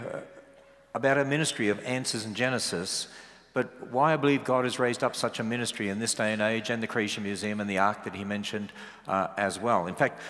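A man with an Australian accent, a guest speaker preaching a sermon, animated and full of rhetorical questions and joking asides. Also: mid-range voice. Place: large church hall. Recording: long hall reverb.

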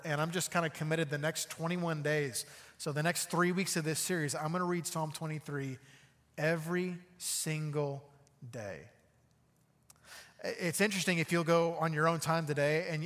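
A male pastor preaching a sermon conversationally, often asking "okay?" and slowing down to read scripture phrase by phrase. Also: a little high, a bit bright, long reverb tail. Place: church sanctuary.

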